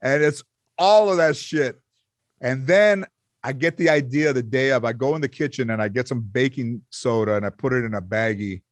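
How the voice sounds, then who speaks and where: A man's voice: medium pitch, normal speed, dry recording. A middle-aged man spins a story in a loose podcast chat, acting out every quote and cursing freely. His voice sits mid-range and the sound is dry and close. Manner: animated storyteller, acts out quotes, swears freely. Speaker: comedian guest.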